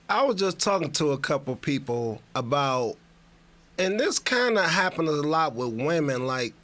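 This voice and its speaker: Slow-talking laid-back man. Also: a little high, fairly bright tone. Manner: laid-back, rambling, profane slang. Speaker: podcast co-host. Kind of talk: casual podcast chat.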